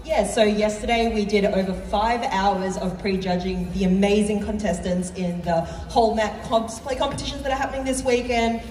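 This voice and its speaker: A woman's voice: mid-range voice, fairly even intonation, normal speed, hardly any pauses, darkish tone. An Australian woman answering questions on stage as a guest judge, enthusiastic and laughing. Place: convention stage, large hall. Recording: roomy hall sound from far off with music.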